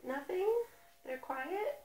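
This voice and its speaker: A woman's voice: high voice, animated, takes it slowly, echoey room, background noise. A woman reading a picture book aloud to a toddler in a coaxing, sing-song voice with exaggerated baby talk. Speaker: parent.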